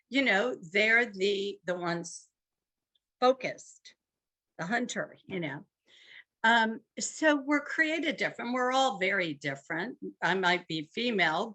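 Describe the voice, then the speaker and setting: A woman's voice: medium pitch, pushed and bright. An older woman giving an instructive talk to couples, emphatic and conversational, with dramatic dips and rises in her voice. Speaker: marriage workshop speaker.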